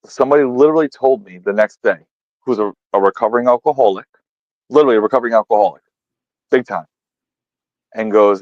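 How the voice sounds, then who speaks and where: A man's voice: lowish voice, quick pace, pauses often, a little mellow, dry recording, muffled recording. A man with a New England accent co-hosting a fishing podcast, retelling phone calls in an emphatic, profane casual chat. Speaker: podcast co-host.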